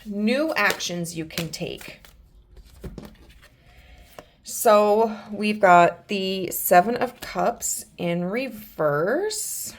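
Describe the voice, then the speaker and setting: A woman giving a pick-a-card tarot reading, gentle and earnest, with many fillers and restarts. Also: medium pitch. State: emotional, near tears. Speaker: tarot reader.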